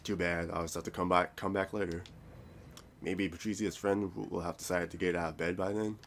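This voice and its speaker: A man's voice: deep voice, steady tone, fairly quick, gravelly, a bit bright, slight background noise. A man reading a visual novel aloud, rambling and stumbling over words with self-mocking asides. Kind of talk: reading a game aloud with commentary.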